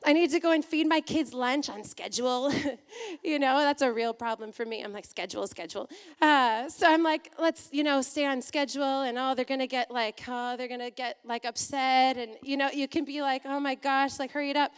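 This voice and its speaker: High-voiced woman preaching in a hall. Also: brisk, clean tone. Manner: chatty and animated, full of asides and laughs. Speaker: pastor. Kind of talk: sermon with personal stories.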